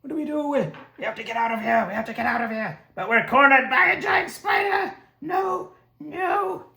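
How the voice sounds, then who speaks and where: A man voicing a group of frantic, cornered adventurers in a panicked, high-pitched shriek. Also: moderate pace, creaky, bright, forceful tone, full character voice. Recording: echoey room.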